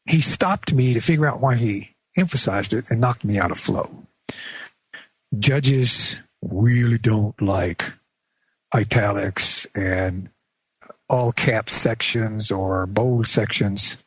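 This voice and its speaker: A man presenting an instructional radio segment, plain-spoken and measured, with small restarts as he explains. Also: on the low side, husky, dry recording. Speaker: radio show presenter teaching.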